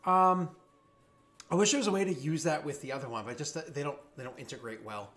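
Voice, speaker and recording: A man's voice: on the high side, fast talker, fairly bright tone. A man narrating a tabletop game as game master, rambling with many fillers and restarts. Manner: voices jeering thugs in a raised voice.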